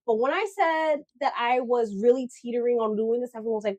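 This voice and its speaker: A woman co-hosting a casual chat podcast, speaking with a slightly high pitch. She talks reflectively and haltingly, stopping to restart her thoughts. The sound is close and dry. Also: no echo. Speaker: podcast co-host.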